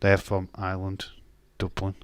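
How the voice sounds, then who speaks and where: A man's voice: deep voice, completely flat delivery, normal speed, clear, resonant tone. A man, casually chatting on a live stream and bantering with chat comments, swearing now and then.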